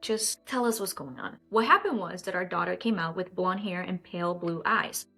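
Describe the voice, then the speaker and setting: A woman's voice: on the low side, lively intonation, normal speed, creaky, bright, forceful tone, husky, soft background music. A woman hosting a casual storytime video, reading a post aloud and breaking in with indignant, joking comments to her viewers. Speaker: storytime host.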